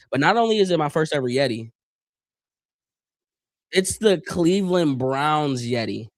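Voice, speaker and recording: A man's voice: on the high side, animated, unhurried, pauses often, no room sound. Man calling a game with a dry close voice. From Northeast Ohio. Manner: loose slangy talk, clears throat often. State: losing his voice a bit. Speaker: livestream host doing play-by-play. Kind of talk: casual live play-by-play and chat.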